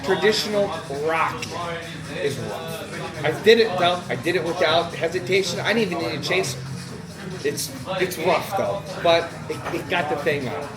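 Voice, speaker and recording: A man's voice: fairly high pitch, moderate pace, over music, low-quality recording. Man in his 40s, wry offhand travel talk. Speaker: travel vlogger. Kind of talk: casual chat.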